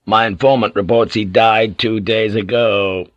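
A man's voice: fairly low pitch, fairly even intonation, measured pace, no room sound, highs cut off, close to an everyday voice. A man playing a scheming, gloating lord. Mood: gloating, eager. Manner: eager and insinuating.

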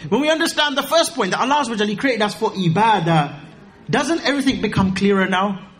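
High-voiced preacher. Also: male voice, fast. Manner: animated, joking, rising to high exclaims. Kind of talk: sermon.

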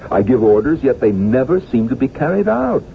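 An actor playing a timid, melancholy town doctor in a radio drama, soft-spoken and apologetic. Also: male voice, medium pitch, big pitch swings, a little fast, creaky. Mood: weary. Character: weary, timid, gentle male town doctor. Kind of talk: 1970s radio drama acting. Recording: tinny old radio broadcast, faint hiss.

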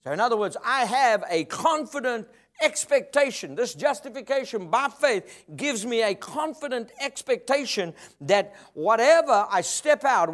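Man, preacher, fairly high voice, emphatic sermon delivery, call-and-response. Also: a bit bright.

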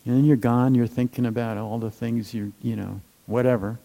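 A man giving a gentle, unhurried meditation talk, with many fillers and trailing phrases. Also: mid-range voice, fairly even intonation, gravelly, rough recording. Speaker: meditation teacher.

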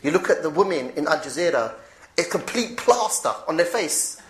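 A woman giving an informal religious talk, animated, chuckling now and then and repeating her points. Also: low-pitched, moderate pace. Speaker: preacher. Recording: roomy echo.

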